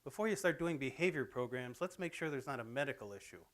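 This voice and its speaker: A man's voice: medium pitch, expressive, quick pace, a bit bright. Middle-aged male presenter, conversational and anecdotal, speaking to a campus audience. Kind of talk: informal lecture to students. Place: college theatre, in front of an audience.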